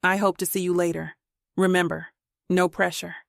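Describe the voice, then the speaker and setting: A flirtatious, confident woman in a storybook thriller, as the narrator reads her, teasing and self-assured. Her voice has a slightly gravelly texture. The recording is dry and close. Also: fairly low pitch, flat delivery, normal speed, no room sound.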